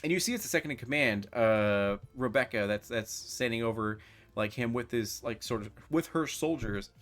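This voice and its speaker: A man's voice: mid-range voice, lively intonation, normal speed, a bit bright, soft background music. A man running a tabletop role-playing game as game master, narrating in a casual way with lots of fillers. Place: home streaming setup.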